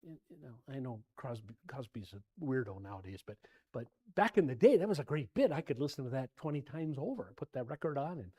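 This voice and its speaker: A man teaching an informal Bible class in a church, rambling and animated, often repeating himself and sounding exasperated. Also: mid-range voice, fairly quick, hardly any pauses, husky.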